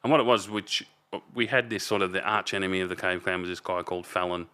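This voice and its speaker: A man's voice: deep voice, quick pace, sharp tone, clear, resonant tone. A man in his fifties with an Australian accent, telling a story as a podcast guest in a rambling, blunt way, with many restarts and some swearing. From Melbourne, Australia. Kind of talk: casual storytelling.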